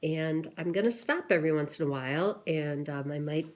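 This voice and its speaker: A woman, a teacher, reading a picture book aloud to children, gently pausing to ask questions and wonder aloud. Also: low voice.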